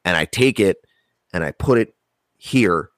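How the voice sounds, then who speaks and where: A man's voice: low-pitched, measured pace, dry recording. A man telling a long story in casual chat, rambling and swearing a lot. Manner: rambling, heavy swearing, animated retelling.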